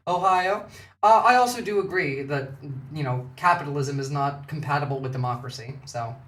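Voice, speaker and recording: Aussie guy streaming, loose and sweary, lots of ums, sounds far off the mic in a boomy room. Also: moderate pace, fairly bright tone. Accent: Australian. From Australia. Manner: casual, profane, filler-heavy. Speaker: streamer reacting to clips. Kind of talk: casual live commentary. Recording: distant mic in an echoey room.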